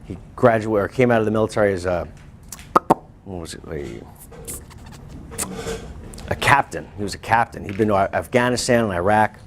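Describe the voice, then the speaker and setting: A male teacher telling a lively personal story to his students, breaking into shouts and laughter. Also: lowish voice, quick pace, few pauses, slight background noise. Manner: animated, bursts into shouts and laughs while telling. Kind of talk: storytelling to a class.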